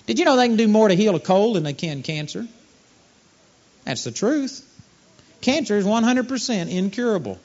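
Male preacher, high and very lively voice, storytelling sermon, dull old recording. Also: brisk. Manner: animated preaching, acting out quoted voices.

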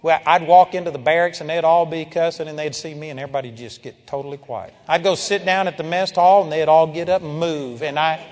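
Animated older preacher in an echoing hall. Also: male voice, on the high side, fairly quick, hardly any pauses. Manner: storytelling, animated, breaks into loud praise shouts. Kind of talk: sermon. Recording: long hall reverb.

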